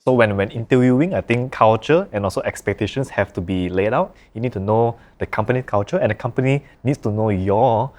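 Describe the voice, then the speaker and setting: Low-voiced man prompting questions. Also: brisk, few pauses, a little mellow. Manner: prompting questions, brief agreements. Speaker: podcast co-host. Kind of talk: casual podcast chat.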